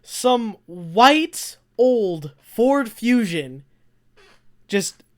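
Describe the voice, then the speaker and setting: A young adult podcast co-host telling a rambling, animated story in casual chat, often laughing. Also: medium pitch, extremely slow.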